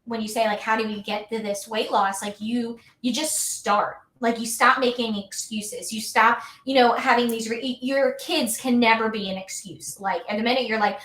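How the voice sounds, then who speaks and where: Podcast guest: upbeat woman in her 30s, chatty, fairly high voice, echoey room. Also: steady tone, normal speed, few pauses, a bit bright. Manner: chatty, upbeat, many fillers like "like" and "you know". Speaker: guest, health and wellness coach. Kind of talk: casual podcast conversation. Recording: roomy echo.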